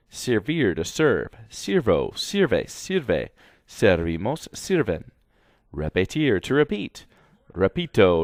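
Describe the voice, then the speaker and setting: A man's voice: fairly low pitch, no room sound, studio quality. A man teaching a grammar lesson slide by slide, speaking instructively and repeating directions to students. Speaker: Spanish teacher.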